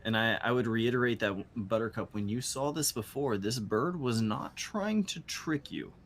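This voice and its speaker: A man narrating as game master of a tabletop game, animated and questioning. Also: medium pitch, moderate pace, slight background noise.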